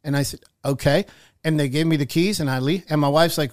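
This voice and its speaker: A man co-hosting a radio talk show, telling a wry, animated story in casual chat. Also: on the high side, fast.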